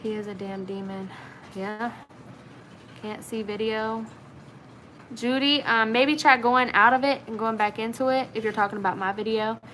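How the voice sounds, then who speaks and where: On this poor-quality recording with slight background noise, the livestream host's voice is fairly high and a bit bright, fairly even in intonation at normal speed. She's a Southern-accented woman from Virginia's Blue Ridge region, chatting through viewer comments aloud with many fillers.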